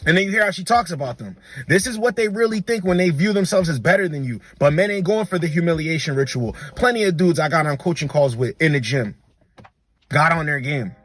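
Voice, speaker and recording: A man's voice: on the high side, lively intonation, brisk, fairly bright tone, dry recording. A man giving blunt, slangy reaction commentary, repeating words for emphasis. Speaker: dating commentator.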